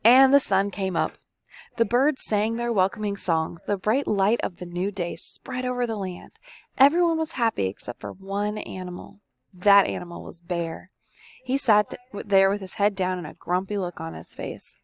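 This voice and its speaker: A woman's voice: mid-range voice, normal speed, creaky, no room sound. A young woman teacher reading a folk tale aloud expressively and stopping to ask the listeners questions. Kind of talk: read-aloud storytelling lesson.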